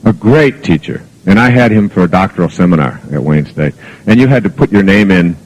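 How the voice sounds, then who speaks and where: A man's voice: low-pitched, lively intonation, a little fast, a little mellow, low-quality recording. A man giving a spoken lecture to an audience as a motivational speaker, telling anecdotes in an earnest, reflective way with plenty of fillers. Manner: rambling anecdotal storytelling with fillers.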